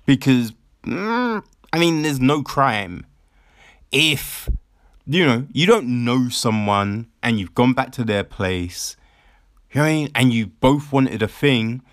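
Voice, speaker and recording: A man's voice: mid-range voice, expressive, slow, no room sound, studio quality. A man giving casual commentary, mocking and incredulous, swearing often and laughing.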